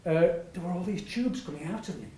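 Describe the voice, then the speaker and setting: With a voice that sits high, a brisk pace, and a dark tone, an older man who is a patient tells stories at a public talk. He rambles, restarts often, and laughs frequently, recorded in an echoey hall from a distant mic.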